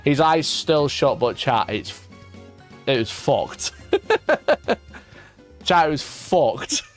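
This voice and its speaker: A man's voice: a little high, wildly swooping pitch, very slow, soft background music. A man hosting a casual live stream, rambling through a story and swearing freely. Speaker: streamer host. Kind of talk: casual livestream chat.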